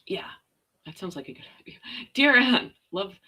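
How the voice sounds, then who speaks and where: A woman's voice: mid-range voice, animated, moderate pace, sharp tone, slightly rough. A middle-aged woman from Canada, ranting in casual, blunt, sarcastic commentary with slang and mild swearing. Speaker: commentary vlogger.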